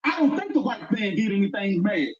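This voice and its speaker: A man ranting loudly and arguing on a livestream, talking over the others in heated debate. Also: sits high, very animated, brisk, a little hiss or hum. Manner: loud, ranting, argumentative. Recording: dull lo-fi stream audio.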